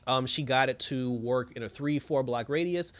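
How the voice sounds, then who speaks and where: A man giving a casual, slangy recap of a TV episode, telling it in an animated way and laughing often. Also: medium pitch, moderate pace. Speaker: TV episode reviewer.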